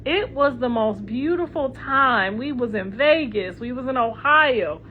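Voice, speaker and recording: A woman's voice: fairly high pitch, expressive, a little slow, a little hiss or hum. A middle-aged woman hosting a livestream, chatting casually and reading comments in a blunt, profane, sassy way. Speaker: livestream host. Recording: dull lo-fi livestream audio.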